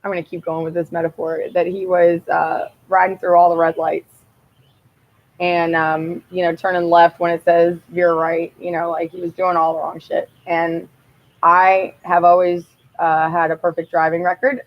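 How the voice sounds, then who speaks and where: Woman, low-pitched, blunt and profane, rambling chat, dull lo-fi sound. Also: little pitch movement, normal speed. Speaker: vlogger telling personal stories. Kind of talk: casual monologue.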